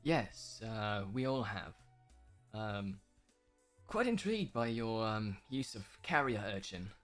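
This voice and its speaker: Poised low-voiced man player. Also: big pitch swings, slow, a bit bright, soft background music. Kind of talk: playing a tabletop game in character.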